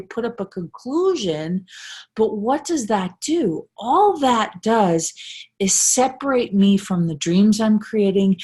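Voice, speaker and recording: Breathy, earnest woman life coach. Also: mid-range voice, darkish tone. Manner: earnest, emphatic, repetitive, with frequent "right?" tags. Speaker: life coach and motivational speaker. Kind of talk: casual live motivational talk.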